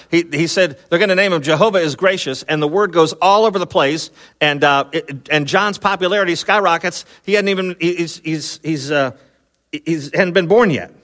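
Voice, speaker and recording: A man preaching a sermon, retelling a Bible story in a lively, casual way with many fillers and quick voiced asides. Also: on the high side. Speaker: pastor.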